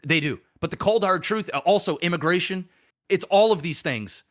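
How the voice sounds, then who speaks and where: A man's voice: high voice, expressive, moderate pace, a bit bright. A man co-hosting a podcast, ranting heatedly and swearing a lot in casual chat. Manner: profane, heated, repetitive. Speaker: podcast co-host.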